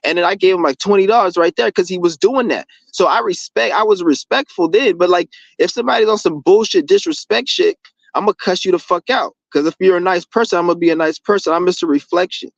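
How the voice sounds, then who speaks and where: A man's voice: on the high side, fast, no echo. A man ranting in a rambling, profane, heated monologue for his channel. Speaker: vlogger. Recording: dull lo-fi dry recording.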